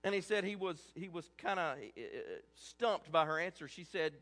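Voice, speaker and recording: A man's voice: high-pitched, moderate pace, sharp tone, long reverb tail. A man preaching a sermon as a pastor, earnest and conversational, often restarting his words.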